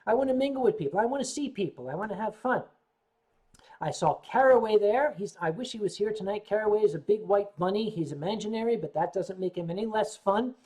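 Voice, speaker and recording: Husky older man chatting and drinking. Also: sits high, expressive, a little fast, a little mellow. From United States. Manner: rambling, clears his throat often; sipping drinks while chatting. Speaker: livestream host. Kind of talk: casual livestream chat reading viewer comments.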